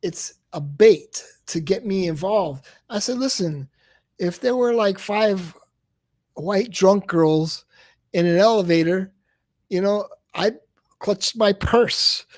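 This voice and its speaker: Taking it slowly in a high voice, a man chats casually during a late-night live stream, rambling, stammering, and repeating words. He sounds exasperated and keeps saying "come on, man", in clean studio sound with no room sound.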